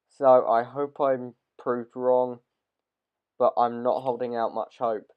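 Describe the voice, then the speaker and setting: Guy whose voice is going, rambly hesitant episode review, mid pitch, kinda muffled audio. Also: steady tone, normal speed, smooth. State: losing his voice. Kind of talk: casual video review. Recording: dull lo-fi recording.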